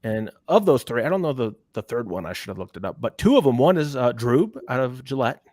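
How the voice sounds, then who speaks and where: A man's voice: mid-range voice, sing-song, fairly quick, a little mellow, no room sound. Opinionated male sports podcast co-host. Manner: opinionated, emphatic. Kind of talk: casual sports chat.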